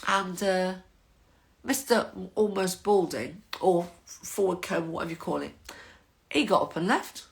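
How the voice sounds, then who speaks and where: A woman's voice: lowish voice, measured pace, vocal fry. Rambling older woman vlogging. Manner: rambling, waffling storyteller. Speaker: vlog host. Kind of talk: casual chatty monologue.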